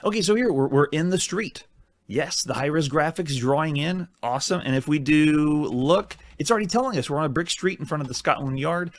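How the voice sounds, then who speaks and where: A man hosts a retro game playthrough, talking his way through each typed command. His voice sits a little high, and he mocks his own fumbles in a chatty, thinking-aloud way. The sound is dry and close, with no room echo. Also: fairly quick. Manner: thinks aloud while typing commands, chatty and self-mocking. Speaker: host. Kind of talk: retro game let's-play commentary.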